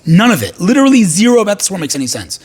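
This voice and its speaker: Emphatic man, guest on a talk podcast, rushing lively delivery, slightly raised pitch. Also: slightly rough. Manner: emphatic, rapid-fire, retells stories with animated voices. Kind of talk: passionate conversational talk.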